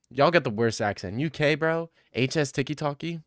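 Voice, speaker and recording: A man's voice: on the high side, normal speed, hardly any pauses, a bit bright, no room sound, clean studio sound. A man streaming live and answering chat in a sarcastic, mocking way. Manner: sarcastic, mocking, jumps into put-on voices. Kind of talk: casual livestream chat.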